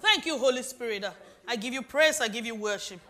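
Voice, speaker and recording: A woman preacher leading fervent declarations and prayer, punctuating her rhythmic phrases with "uh", swelling to shouts and dropping to hushed prayer. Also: a little high, fairly quick.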